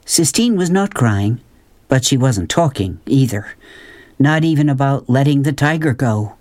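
A calm, measured narrator reading a children's novel aloud. The pace is slow and unhurried, with a middle pitch. The recording is dry and close, with no room sound. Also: no echo. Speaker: audiobook narrator. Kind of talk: scripted narration.

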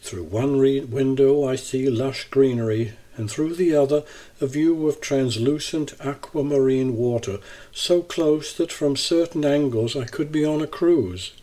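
A man narrating a first-person travel essay in a measured, even reading style. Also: medium pitch.

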